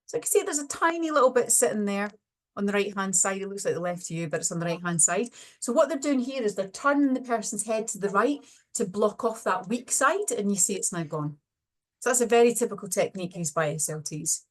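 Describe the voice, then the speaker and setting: A woman's voice: medium pitch, animated, a little fast. A middle-aged woman, a speech and language therapist, presenting an online webinar lecture and walking through slides with practical clinical examples.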